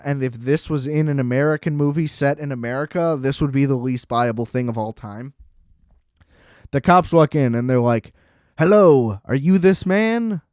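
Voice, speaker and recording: A man's voice: a little high, a little mellow, no echo, clean studio sound. A man hosting a film review show, recapping a movie in a loose, profane and joking casual chat.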